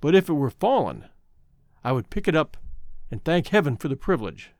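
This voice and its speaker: A male narrator plays an idealistic young man with lofty, romantic notions, speaking earnestly. The voice sits fairly high with a lively lilt, and the storybook reading sounds dry and close. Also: brisk, no room sound. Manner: earnest, impassioned.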